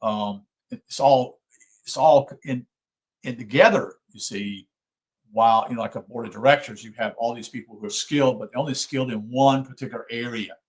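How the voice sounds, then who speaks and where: A man hosting his own channel, reading a book aloud and stopping to explain it in loose, halting talk full of fillers and restarts. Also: mid-range voice, breathy edge, low-quality recording. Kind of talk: book reading with spoken commentary.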